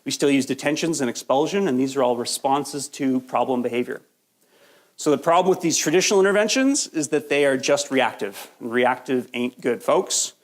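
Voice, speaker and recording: A man's voice: medium pitch, moderate pace. A man giving a live training lecture to a workshop audience, getting over a cold, talking in a conversational, jokey way and often checking in with "right?". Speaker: workshop presenter.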